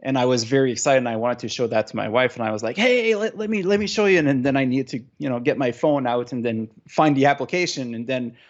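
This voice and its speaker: A man's voice: mid-range voice, fairly even intonation, fast, hardly any pauses, muffled recording. A man with a French Canadian accent, a native French speaker, telling stories as a guest on a video call. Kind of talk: casual interview chat.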